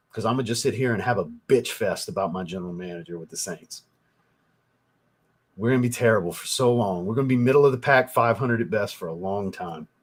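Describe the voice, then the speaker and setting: A young man, hosting a casual livestream and reading viewer comments, rambling and swearing as he gets worked up. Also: mid-range voice. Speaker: livestream host, fragrance reviewer.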